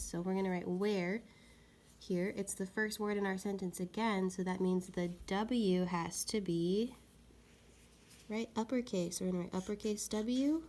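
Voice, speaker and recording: Slowly sounding out words for young children, a woman leads a reading lesson and patiently cheers them on. Her voice sits at medium pitch with a slightly dark tone.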